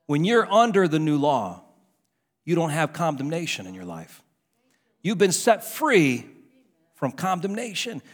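Pastor guy preaching, kinda high voice, gets all fired up then talks low and chatty. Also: very animated, measured pace, pauses often. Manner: fervent preaching, rises high and loud when stirred. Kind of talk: sermon. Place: church service.

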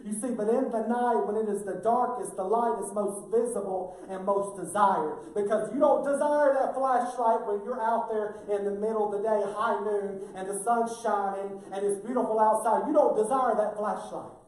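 A man's voice: high-pitched, fairly even intonation, normal speed, few pauses, darkish tone. A male pastor preaching a sermon in a folksy, emphatic way that builds toward fervor. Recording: very echoey, mic far off.

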